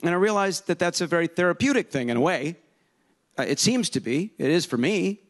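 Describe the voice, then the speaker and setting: A man speaking on stage before a live audience in a loose, joking conference talk. He rambles and pokes fun at himself in a mid-range voice, slipping in quick voice demos as he goes. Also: medium pitch, a little mellow. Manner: rambling, self-deprecating, slips in quick voice demos.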